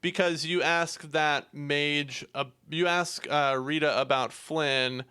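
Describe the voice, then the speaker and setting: A man's voice: on the high side, fairly even intonation, takes it slowly, bright, forceful tone, clear, resonant tone. A man co-hosting a casual podcast, talking through a game with chatty fillers. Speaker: podcast co-host.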